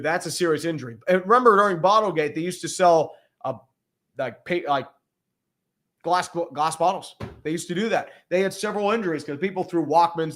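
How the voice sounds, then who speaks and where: A man hosting a casual sports livestream, talking in a blunt, rambling, profanity-heavy way. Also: a little high. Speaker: podcast host.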